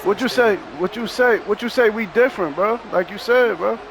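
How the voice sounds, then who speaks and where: A man's voice: sits high, moderate pace, vocal fry, noisy background. A man trash-talking his opponent during a video game, boastful and taunting, repeating his jabs over and over. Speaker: gamer playing online.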